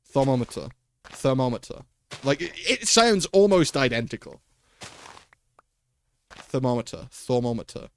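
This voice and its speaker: Man, game livestreamer, casual chatty commentary, animated pitch, swears and laughs, desk mic. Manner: chatty, talks to himself and his pets, swears, laughs often.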